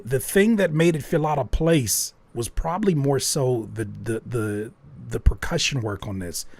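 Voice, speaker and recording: Animated man giving candid music feedback. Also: a little high, gravelly, slightly rough, dry recording. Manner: candid, joking, thinks aloud with restarts. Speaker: host reviewing listener music. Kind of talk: live music feedback stream.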